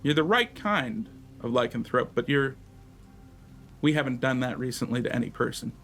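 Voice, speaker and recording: A man's voice: medium pitch, expressive, moderate pace, fairly bright tone, faint music behind, voice pushed down. A man voicing a weary, sighing woman druid who leads a werewolf pack. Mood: resigned. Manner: sighing, resigned.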